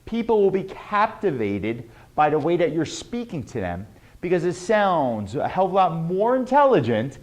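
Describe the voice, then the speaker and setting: A man gives a sales lesson with a lively, swooping delivery that rises and falls on purpose. His voice sits a bit high for a man, and he stretches key words, then rushes through asides. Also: highs cut off. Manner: swooping exaggerated pitch, emphatic and drawn out; rhetorical questions, fast asides. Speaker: sales trainer.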